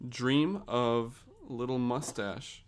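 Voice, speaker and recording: A man's voice: mid-range voice, very slow, crowd noise. A young man hosting a casual comedic chat, rambling and giggling, with frequent restarts. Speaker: host.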